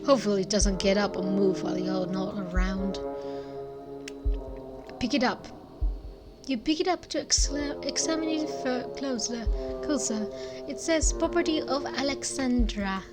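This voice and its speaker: A woman's voice: mid-range voice, steady tone, unhurried, pauses often, over loud music. A young adult woman casually reading a narrative game aloud and adding chatty asides. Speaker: gaming streamer.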